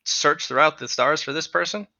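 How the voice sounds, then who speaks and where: A man's voice: fairly high pitch, normal speed, gravelly, pushed and bright, no echo, lo-fi sound. A man playing in a tabletop game, trading casual, jokey remarks. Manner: jokey, giggly. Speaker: player.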